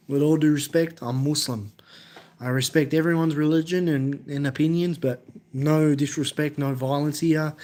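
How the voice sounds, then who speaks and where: A young Australian man with an Australian accent chats casually on a live stream, answering viewer comments in a halting, repetitive way. His voice is on the high side and a little mellow.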